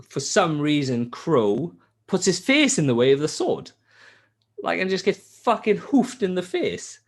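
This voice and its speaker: A podcast host recounts a game's story in casual chat, swearing heavily throughout. His storytelling is animated, and he acts out character lines in a high voice.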